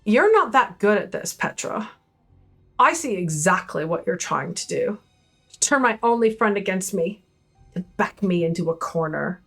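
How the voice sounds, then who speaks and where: A woman's voice: medium pitch, lively intonation, moderate pace, gravelly, a bit bright, faint music behind. A woman voicing a suspicious, guarded female cousin in a game, with a put-on accent that keeps slipping. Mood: cold, accusing. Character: cold, suspicious woman confronting her cousin.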